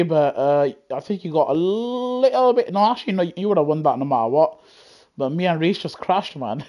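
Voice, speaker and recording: A man's voice: sits high, a little mellow. A man streaming live racing gameplay on a headset from his home setup, chatting casually and saying "man" a lot while fighting a dry throat and coughing fits. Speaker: gaming streamer. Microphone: gaming headset. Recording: faint game noise behind.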